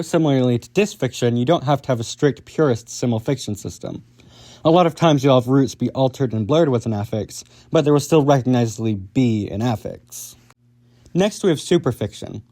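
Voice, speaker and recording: Mellow-voiced man explaining linguistics. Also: mid-range voice. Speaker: video host explaining linguistics. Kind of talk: scripted educational narration.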